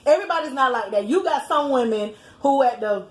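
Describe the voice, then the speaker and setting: A woman with a high voice chats casually, blunt and laid-back. Her voice echoes around a bare room. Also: lively intonation, a little fast. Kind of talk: casual chat.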